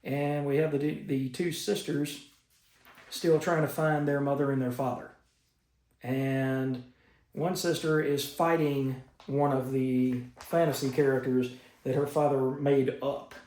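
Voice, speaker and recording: An enthusiastic man talks through the week's comics in a casual, rambling way, with plenty of fillers. His voice sits at a middle pitch. The room echoes around him. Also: level tone, slow, a little mellow. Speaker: comic book reviewer. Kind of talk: casual comic review monologue. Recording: roomy echo.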